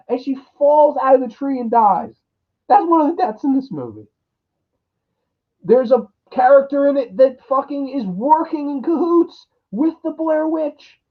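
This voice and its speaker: Speaking a little slowly with long pauses, a very high-pitched man with lively intonation tears into a horror movie in a crude, exasperated review. He mocks the characters with put-on voices, and the lo-fi recording is dull.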